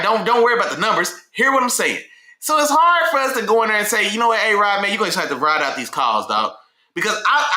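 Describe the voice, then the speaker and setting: A man hosting a casual sports talk show, speaking in a slangy, animated way and repeating himself when worked up. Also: high voice, reverberant. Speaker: sports podcast host.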